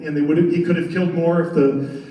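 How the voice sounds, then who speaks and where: A man with a high voice presents at a convention panel, describing a haunted attraction with playful, animated humor. He is recorded from a distance inside a huge, reverberant convention hall, where his voice echoes heavily. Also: fast. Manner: animated, joking storyteller. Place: large convention center hall.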